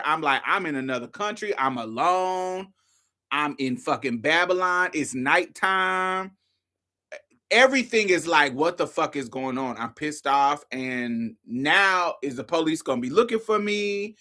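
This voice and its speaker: Bright, animated woman telling a story. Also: sits low. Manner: animated, profane, addresses listeners as y'all, honey and baby. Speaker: host. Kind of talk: casual storytelling to an audience.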